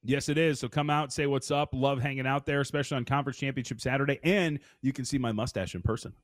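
Brisk opinionated man talking football bets. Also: medium pitch, fairly even intonation, no room sound. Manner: brisk, opinionated, self-mocking. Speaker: sports betting analyst guest. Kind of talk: radio sports betting talk.

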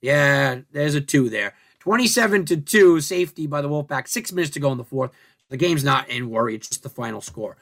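A man's voice: fairly high pitch, expressive, fairly quick, fairly bright tone. A man hosting a sports talk show, breaking down rankings and stats in a conversational way, thinking aloud and asking rhetorical questions. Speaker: sports radio host. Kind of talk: casual sports talk and analysis.

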